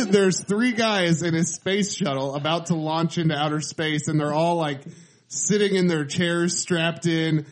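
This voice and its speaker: A man co-hosting a podcast in casual chat, relaxed and swearing casually as he describes comedy scenes in detail. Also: on the high side, unhurried. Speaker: podcast co-host.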